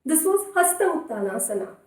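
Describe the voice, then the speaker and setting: A woman leading a children's yoga class in a playful, encouraging way, giving clear step-by-step instructions. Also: sits high, very animated, brisk, dark tone. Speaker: kids' yoga teacher. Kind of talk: guided kids' yoga instruction. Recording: echoey room, voice from a distance.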